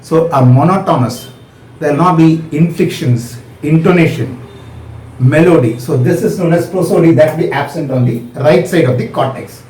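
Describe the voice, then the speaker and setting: A man's voice: fairly high pitch, normal speed, darkish tone, reverberant, a little hiss or hum, low-quality recording. A man with an Indian English accent giving a step-by-step medical lecture, asking and answering his own questions.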